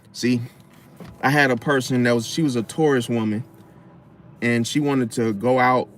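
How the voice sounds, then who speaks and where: A man talks through relationship advice in a loose, slangy monologue. His voice sits at an ordinary middle pitch, and he gets animated, now and then acting out other people in loud, high voices. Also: slight background noise. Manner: animated, acts out loud high-pitched interruptions, laughs often; casual slangy talk. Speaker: astrology commentator.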